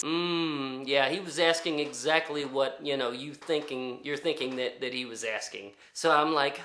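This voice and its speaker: A man's voice: medium pitch, steady tone, moderate pace, hardly any pauses, sharp tone, echoey room. A man telling a story in a casual, rambling way, full of fillers and restarts. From United States. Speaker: storyteller vlogger.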